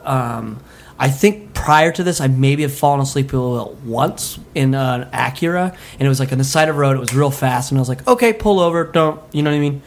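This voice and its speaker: A man from Utah telling a story on a comedy podcast, animated, laughing and swearing freely. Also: mid-range voice, a little fast, a little hiss or hum. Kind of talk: casual storytelling.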